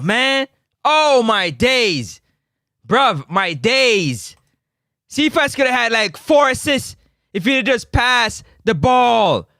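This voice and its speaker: A man's voice: very high voice, sing-song, takes it slowly, pushed and bright, no echo, clean studio sound. A young man, giving exasperated, pleading commentary over a football match replay. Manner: exasperated, pleading, repeats himself. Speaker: football review host.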